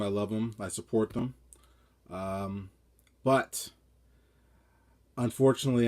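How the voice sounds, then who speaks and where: Low-voiced chatty male vlogger. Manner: rambling, chatty, trails off quietly. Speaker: vlog host. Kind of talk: casual vlog talk.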